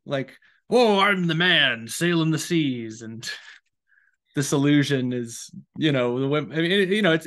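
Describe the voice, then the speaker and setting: A man in a casual book discussion, speaking hesitantly with fillers and trailing sentences. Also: fairly high pitch. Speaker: podcast co-host.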